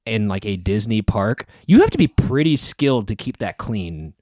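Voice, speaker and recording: A man co-hosting a casual podcast chat, animated and quick to joke. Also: fairly low pitch, no echo, studio quality. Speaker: podcast co-host.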